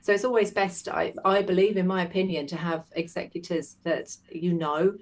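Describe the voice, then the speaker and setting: Woman, from Wales, slightly low voice, guest, measured, explanatory. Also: level tone. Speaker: will writer guest. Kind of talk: casual chat.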